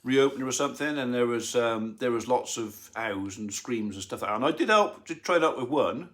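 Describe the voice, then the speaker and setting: Rambling middle-aged farmer chatting live. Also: male voice, mid-range voice, lively intonation, brisk, a bit bright. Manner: rambling, dry teasing humour. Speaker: farmer and channel host. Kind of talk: casual live-stream chat. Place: home lounge.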